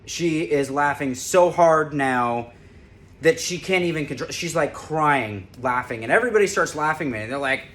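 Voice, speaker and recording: A man's voice: on the high side, expressive, normal speed, a bit bright, a little hiss or hum. A former corrections officer, a man, casually telling a lighthearted story and laughing as he recalls it. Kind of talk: casual personal storytelling to camera.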